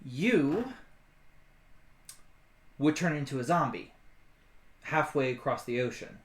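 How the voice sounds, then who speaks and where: A stern dwarf woman, as a man puts her on in a tabletop game, answering curtly and snapping back. Her pitch sits in the middle. The room rings with echo. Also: expressive, slow pace. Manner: curt, snapping. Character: stern female dwarf loyal to a council. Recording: roomy echo.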